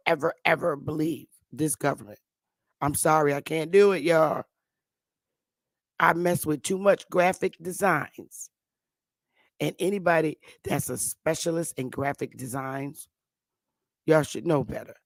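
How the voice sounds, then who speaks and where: A man's voice: on the high side, a bit bright, no echo, studio quality. A man hosting his own online show, ranting casually to viewers in a loose, mocking, slangy way, full of asides and restarts.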